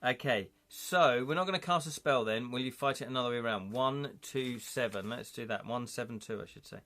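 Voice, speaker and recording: A man's voice: mid-range voice, a little fast, a bit bright. A man playing a gamebook live, reading its passages aloud and thinking aloud with his viewers. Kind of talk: live-streamed gamebook play, narration and chat.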